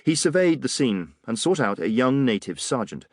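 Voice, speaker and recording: A man's voice: mid-range voice, sing-song, moderate pace, no echo. A man narrating an audiobook in the first person, with a dry, wry telling. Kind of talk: scripted narration.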